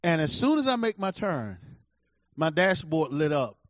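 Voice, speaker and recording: A middle-aged man preaching a sermon and telling a personal story, emphatic, swinging between loud bursts and low asides. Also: sing-song, a little slow, no room sound. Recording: dull lo-fi recording.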